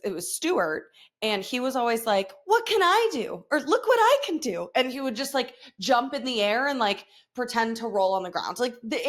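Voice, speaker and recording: A foul-mouthed woman in her thirties hosts a casual solo podcast rant. Her voice sits a bit high, and she laughs often and slips into quick impressions of her kid. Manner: profane, animated, laughing often, mimics her son. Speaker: podcast host.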